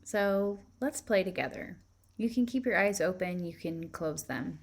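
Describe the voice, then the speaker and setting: A woman teaching spirituality, leading listeners through a guided visualization with calm, reflective questions. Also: fairly low pitch, a little slow.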